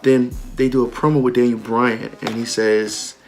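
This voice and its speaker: A man with a mid-range, level voice speaks at normal speed over faint background music. Hosting a podcast, he casually recaps a wrestling show, chatting with plenty of ums and retelling lines in quoted voices.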